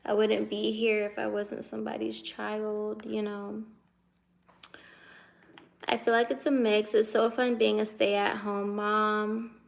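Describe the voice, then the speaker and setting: A woman's voice: medium pitch, little pitch movement, slow, gravelly. A woman in her twenties from the United States, chatting casually on a live stream and answering viewer comments as she reads them, laughing often. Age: 20s.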